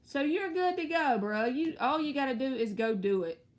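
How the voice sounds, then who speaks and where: A woman's voice: high-pitched, expressive, normal speed. A woman hosting a live tarot reading, talking in a chatty, reassuring way with playful slang.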